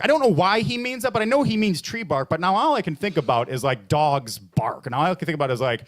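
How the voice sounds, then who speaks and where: A man's voice: expressive, brisk, hardly any pauses. A man hosting a bar comedy open mic, rambling through a stand-up bit with lots of fillers and restarts, jumping into mock voices for the punchlines. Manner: jumps into high mock voices and low pompous voices for bits.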